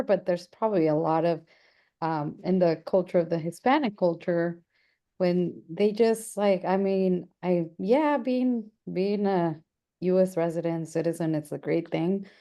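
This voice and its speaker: A woman student in a class discussion, speaking hesitantly in halting bursts with many restarts. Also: on the low side, dark tone.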